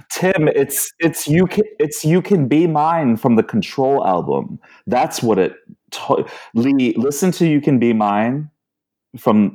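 A man's voice: medium pitch, mellow, breathy edge. A man co-hosting a casual podcast chat, opinionated and often laughing. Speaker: podcast co-host.

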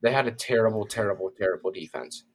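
A man's voice: on the low side, fast talker. Chill guy talking football picks, laughs a lot, kinda all over the place. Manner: loose, easily surprised, laughs often. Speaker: co-host of a football preview. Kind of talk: casual sports chat.

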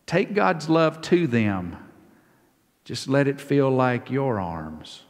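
A man preaching a sermon as pastor, swinging from hushed, quiet lines to loud, high, impassioned ones. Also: sing-song, slow, big-room sound.

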